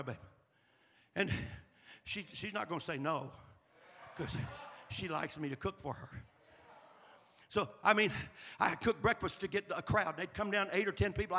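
Middle-aged male preacher, bright tense voice, folksy sermon storytelling that builds to shouting, in a reverberant sanctuary. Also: high-pitched, slightly rough. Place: church sanctuary. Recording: long reverb of a large hall.

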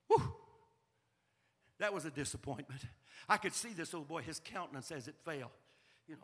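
A middle-aged man, preaching a sermon in a folksy storytelling way that rises into shouted fervor. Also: a little high, fairly quick, slightly rough. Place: church sanctuary. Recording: long reverb of a large hall.

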